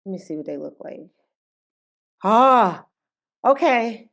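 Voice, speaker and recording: A woman with a high-pitched voice co-hosts a casual podcast. She talks in an animated, playful way and laughs often as she chats about the show. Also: slow. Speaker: podcast co-host. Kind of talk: casual reality-TV recap chat.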